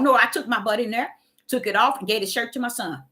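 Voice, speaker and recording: Woman, preaching online, emphatic, repetitive, shouted bursts, high voice, bright and tense tone. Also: very animated, fast.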